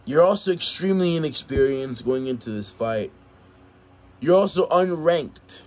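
Brisk man moderating a mock press conference. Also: on the high side, expressive, a little mellow. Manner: brisk, announcing questions.

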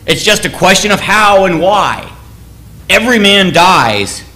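A man voicing a defiant warrior leader who rallies his outnumbered men with slow, raised declamation. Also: high-pitched, sing-song, sharp tone, pitched above the performer's own voice, exaggerated voice. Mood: rousing.

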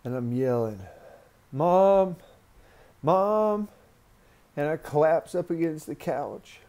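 A man recounting a painful personal memory in a slow, halting, hushed way, as raw spoken testimony. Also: medium pitch. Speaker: survivor sharing a personal story.

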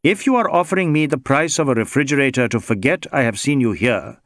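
A man's voice: mid-range voice, expressive, quick pace, dry recording, studio quality, pitched above the performer's own voice, natural voice. A man voicing an upright police inspector who speaks firmly and sharply, raised above his own reading voice. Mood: stern. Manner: firm, sharp.

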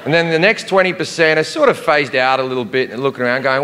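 High-voiced man ranting on stage. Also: sing-song, fast, few pauses. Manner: profane, ranting, swings from shouting to muttered asides. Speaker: stand-up comedian. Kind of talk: stand-up comedy routine. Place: large theater with a live audience. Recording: live concert recording in a reverberant hall, audience laughter. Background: crowd laughter and room noise.

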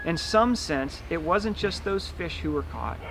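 A man's voice: fairly high pitch, lively intonation, measured pace, creaky, background noise. A man preaching a sermon as pastor, retelling a scene vividly and acting out the dialogue.

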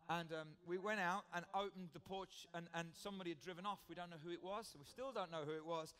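A man's voice: on the high side, a bit bright. A British man preaching a sermon in church, earnest and conversational, often repeating his key phrases.

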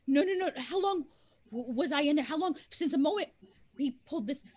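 A woman's voice: sits high, sing-song, a little mellow. A woman doing a frantic, flustered young sister. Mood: alarmed. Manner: urgent, flustered and rapid.

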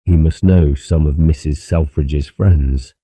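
Angry colonel husband, deep-voiced reader doing him, threatening, dark tone. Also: male voice, fairly even intonation, slow, no echo, full character voice. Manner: savage, threatening. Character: savage, protective old colonel husband.

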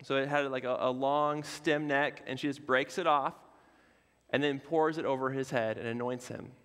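A man pastor preaching a sermon in a relaxed, conversational way, with casual asides and fillers. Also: mid-range voice, normal speed, clean tone, big-room sound. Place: church sanctuary.

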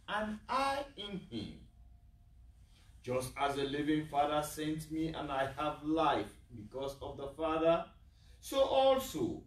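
High, lilting priest chanting scripture. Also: male voice. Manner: drawn-out, lilting, raised delivery. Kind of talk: slow, sung-out gospel proclamation. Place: chapel of a medical center. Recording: echoey chapel, mic far off.

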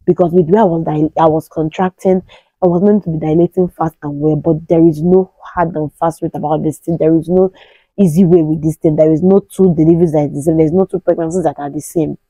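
A Nigerian woman in her thirties with a Nigerian English accent, telling an emotional personal story in an animated way. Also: a little fast, breathy edge, no echo, poor audio. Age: 30s. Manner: animated, acts out quoted pleas in a higher voice. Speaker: vlogger.

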